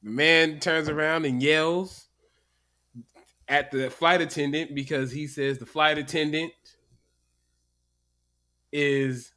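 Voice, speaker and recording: A man hosting a casual podcast chat, animated and profane, laughing often. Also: fairly high pitch, slow pace, pauses often. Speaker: podcast host.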